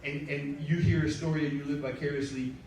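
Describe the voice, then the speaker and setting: A man's voice: on the high side, fairly even intonation, a little fast, a little mellow, slight background noise. A man telling a profane, rambling story on stage, joking with the crowd at a live storytelling event. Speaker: storyteller and show producer. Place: live event room with an audience. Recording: echoey room, mic at a distance.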